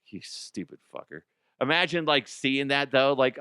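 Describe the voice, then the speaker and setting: A man hosting a radio show, riffing on odd news stories in a loud, crude and profane way. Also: medium pitch, lively intonation, normal speed, smooth, dry recording, studio quality. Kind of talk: crude comedic news talk.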